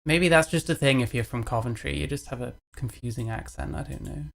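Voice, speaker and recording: A gravelly woman from England talks over clips on her livestream. Her commentary is sardonic and rambling, full of mocking asides. The tone stays casual and offhand throughout. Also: a bass voice, fairly quick. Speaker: livestream host reacting to clips.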